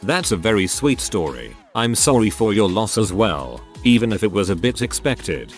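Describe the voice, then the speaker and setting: A man narrating online stories in a scripted, steady reading style, with occasional odd mispronunciations. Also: fairly low pitch, normal speed, over music. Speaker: narrator reading Reddit posts.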